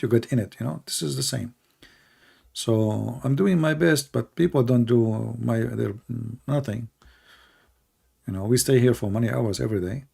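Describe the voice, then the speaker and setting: Gravelly, dark-voiced man hosting a stream. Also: mid-range voice. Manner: sarcastic, mocking asides; rambling with many fillers. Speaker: livestream host. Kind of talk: casual rambling commentary.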